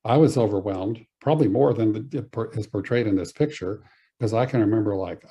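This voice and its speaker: A man telling a personal spiritual story as a podcast guest, earnest and halting, with many pauses and fillers. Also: lowish voice, dark tone, slightly rough, muffled recording.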